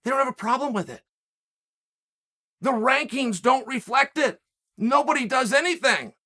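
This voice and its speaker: Man, host, emphatic solo commentary, rhetorical challenges, bright forceful voice. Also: very high voice, normal speed. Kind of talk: animated solo commentary rant.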